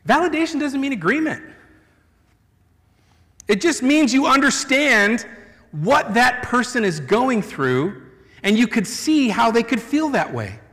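Brief: high, bright male pastor, casual and animated in his sermon, echoey church hall. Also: unhurried, pauses often. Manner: conversational, animated, playful asides.

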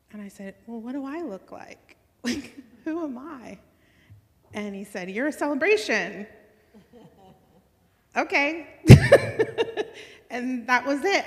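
A woman telling a personal faith story in an earnest, excited way, with lots of "like" fillers and bursts of laughter. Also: a little high. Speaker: speaker sharing a faith testimony. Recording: long hall reverb.

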